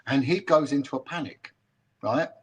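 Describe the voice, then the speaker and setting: A man, a former policeman, talking in a casual interview, halting and restarting often as he tells a story. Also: mid-range voice, expressive, slightly rough. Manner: halting, with many restarts and repeated words.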